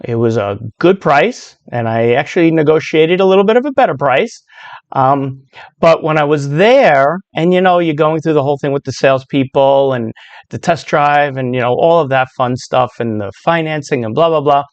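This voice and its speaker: A woman in her sixties with a low voice register, telling a personal story in a loose, chatty way full of asides. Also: moderate pace, darkish tone, dry recording, dull audio. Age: 60s. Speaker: speaker sharing a personal story. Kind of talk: casual storytelling monologue.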